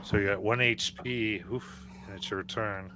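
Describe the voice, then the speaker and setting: A man's voice: lowish voice, fairly even intonation, measured pace, sharp tone, slight background noise. A man acting as game master, calling for saves and narrating turns in a tabletop game.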